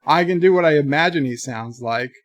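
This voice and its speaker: A man's voice: a little high, a little fast, no echo. A man hosting a casual livestream, rambling and joking while reading chat messages aloud. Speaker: livestream host.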